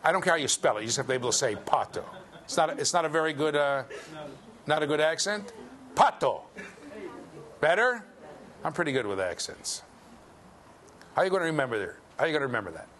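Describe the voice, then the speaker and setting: A man giving a university lecture, lively and joking as he quizzes his students. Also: fairly high pitch, quick pace, pauses often. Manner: lively, jokey, quizzes the class. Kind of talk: classroom lecture. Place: lecture hall.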